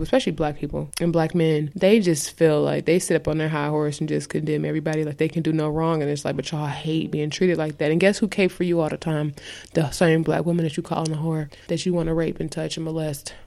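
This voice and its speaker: A woman co-hosting a podcast, ranting in a heated, profane and emphatic way. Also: deep voice. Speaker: podcast co-host. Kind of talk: ranting casual podcast talk.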